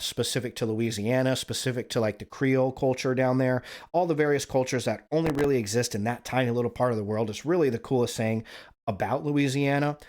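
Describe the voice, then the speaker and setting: A man from Wyoming hosting a stream, telling a rambling, casual story and tagging "right?" onto his sentences. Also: medium pitch. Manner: rambling, profane, frequent "right?" tags. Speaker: stream host.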